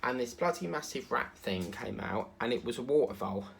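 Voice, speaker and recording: Animated and brisk, this medium-pitched man's voice has vocal fry and is a bit bright, with a little hiss or hum behind it. He's a diamond painting vlogger from England whose Essex accent shows some South African influence. While crafting he chats casually and rambles, full of fillers and asides.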